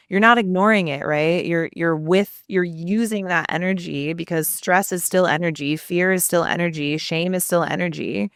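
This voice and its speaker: A woman coach calmly guiding a tapping exercise with encouraging instructions. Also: on the low side, normal speed, hardly any pauses, clear, resonant tone, no room sound, clean studio sound. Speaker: subconscious transformation coach.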